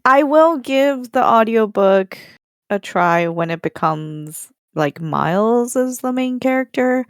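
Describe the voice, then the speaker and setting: A woman's voice: fairly high pitch, slow, smooth, dry recording, clean studio sound. A woman co-hosting a casual book podcast who laughs often and talks animatedly. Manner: giggly, lively. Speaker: podcast co-host.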